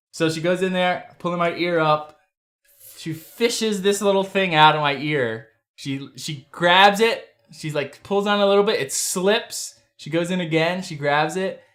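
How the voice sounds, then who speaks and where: A young adult man hosting a casual livestream from his desk, telling a story in an animated, profane way. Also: a little high. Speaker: livestream host. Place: home desk.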